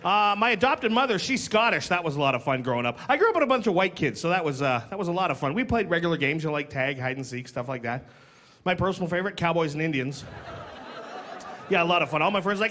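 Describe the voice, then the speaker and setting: A man doing a stand-up set on a club stage, animated and punchy, joking about himself. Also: on the high side, fast. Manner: animated, punchy, self-mocking. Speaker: stand-up comedian. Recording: noisy club with crowd laughter.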